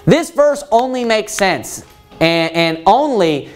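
Guy preaching a sermon, emphatic, keeps firing questions then answering them, reads old-style scripture slow. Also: sits high, big pitch swings, soft background music. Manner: quotes scripture in old-fashioned wording, with long pauses.

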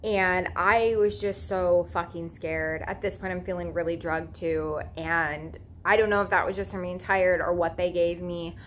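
A woman's voice: on the low side, fairly even intonation, normal speed, few pauses, a bit bright, slight background noise. A young woman in her twenties telling a personal story in a casual vlog, emotional and swearing freely as she relives her fear. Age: 20s. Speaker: vlogger.

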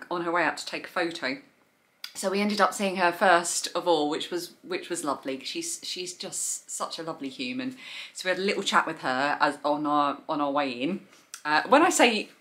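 A woman's voice: on the low side, bright, forceful tone. A woman vlogging about yarn, chatting enthusiastically from her bedroom floor, rambling with fillers. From England. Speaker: crochet and knitting vlogger. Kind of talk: chatty vlog narration.

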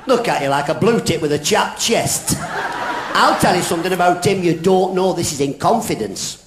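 A man's voice: high-pitched, expressive, moderate pace, music in the background. An older man playing the daft, cheeky half of a live comedy double act, giggling at his own gags. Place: large theatre stage before a laughing audience. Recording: echoey live theatre recording with audience noise.

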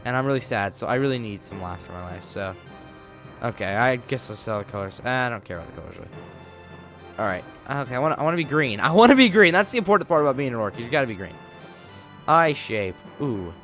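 A man's voice: on the low side, animated, fast, sharp tone, soft background music. A man giving casual, playful commentary while playing a video game, joking around and making up silly stories as he goes. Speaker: let's play gamer.

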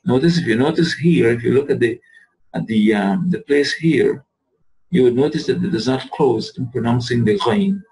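A man teaching an Arabic lesson, patiently repeating words slowly to show how the sounds are made. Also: mid-range voice, expressive, a little mellow, low-quality recording. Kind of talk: recorded lesson.

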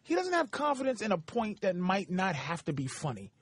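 A man on a radio talk show, teasing and mocking in an animated way. His voice is strikingly high. His pitch jumps around constantly. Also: brisk, slightly rough, dry recording. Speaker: comedian guest.

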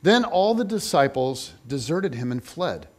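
A man reading a scripture passage aloud in an expressive, measured way. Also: on the high side. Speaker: scripture reader.

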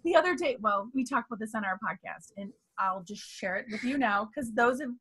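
A woman's voice: a little high, animated, brisk, fairly bright tone, slight background noise. A middle-aged woman, a guest on a talk show, telling stories about her daughter in a chatty, laughing way. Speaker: guest, mother of co-guest. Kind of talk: casual chat.

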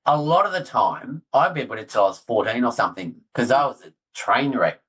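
A middle-aged man, talking excitedly as a guest in a casual interview. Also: mid-range voice, fairly quick, breathy edge, low-quality recording. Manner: excitable, animated storyteller, self-deprecating. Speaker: guest orthodontist.

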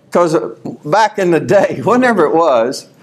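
A man preaching a sermon at a conference, folksy and animated, reading scripture aloud and rising to shouts. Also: high-pitched, breathy edge. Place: conference hall.

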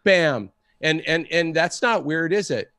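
A man telling a story in a casual, excitable way and acting out the people he quotes. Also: a little high, moderate pace, clear, resonant tone, dry recording, clean studio sound. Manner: animated, acts out the people he quotes. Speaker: guest storyteller.

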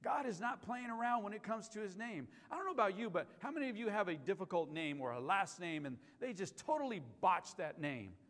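A pastor with a high, slightly bright voice preaches a sermon with big pitch swings, talking a little fast with few pauses. He is emphatic, repeats key lines, and asks the congregation questions. It's a live stream from a church sanctuary with long hall reverb.

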